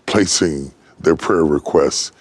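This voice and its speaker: An older man from West Virginia preaching a sermon, building from low, slow telling to high, ringing shouts. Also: slightly rough. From West Virginia, United States. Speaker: pastor.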